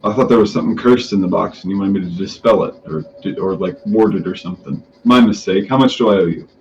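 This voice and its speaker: Male player, lowish voice, playful, heard from a distant mic with faint hiss. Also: quick pace, lo-fi sound. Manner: playful, hesitant fillers. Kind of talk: in-character tabletop role-play.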